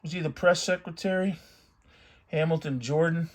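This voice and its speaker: Middle-aged male host with a slightly high voice, reminiscing in loose, rambling commentary. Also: moderate pace. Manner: rambling, reminiscing, thinking aloud. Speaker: vintage magazine collector channel host. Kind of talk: casual commentary while reading a magazine aloud.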